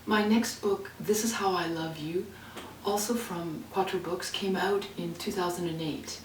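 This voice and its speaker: A woman's voice: on the low side, fairly even intonation, a little slow, a little hiss or hum. Woman reading poetry, roomy and distant. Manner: dramatic, dynamic reading, drops to near whispers. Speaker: poet. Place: her home. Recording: roomy, distant home recording.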